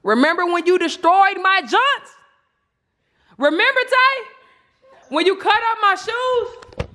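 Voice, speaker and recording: A woman's voice: extremely high pitch, bright, forceful tone. A young woman hosting a casual prank vlog, talking in a playful, teasing, coaxing way. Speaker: vlog host.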